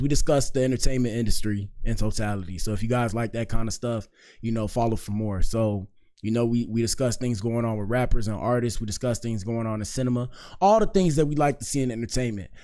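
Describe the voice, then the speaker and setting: A man's voice: medium pitch, a little fast, warm tone. A man hosting a casual live-stream commentary show, talking loosely and slangily and peppering his lines with "bro" and "dog". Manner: laid-back, slangy, keeps saying "bro" and "dog".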